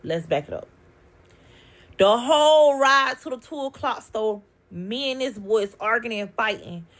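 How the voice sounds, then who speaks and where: A young woman, telling a story with animated, profane emotion. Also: fairly high pitch, unhurried. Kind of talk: storytime vlog.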